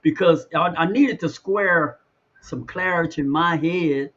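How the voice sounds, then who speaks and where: Male host, slow and halting, slightly high voice, dull lo-fi sound. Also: a bit bright. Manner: halting, searching for words. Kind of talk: interview question.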